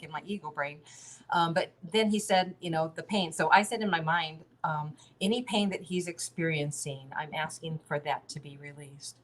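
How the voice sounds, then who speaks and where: A woman's voice: lowish voice, a bit bright, a little hiss or hum. Chatty woman guest on a video call. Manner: chatty, many fillers and restarts, laughs often. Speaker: interview guest. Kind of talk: casual conversational storytelling.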